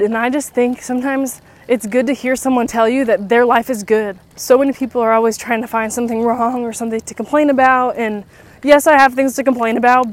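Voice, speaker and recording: Rambly twenty-something mom host chatting on a walk, kinda breathless, lots of likes. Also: female voice, on the high side. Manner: chatty, rambling, many "like" fillers. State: slightly out of breath. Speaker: podcast host. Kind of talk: casual chat while walking. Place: outdoors, walking around a neighborhood.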